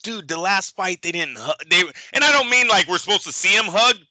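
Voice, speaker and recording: A man co-hosting a boxing podcast, talking casually in an animated, profane, emphatic way. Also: high-pitched, a little fast, no echo, low-quality recording. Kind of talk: casual sports chat.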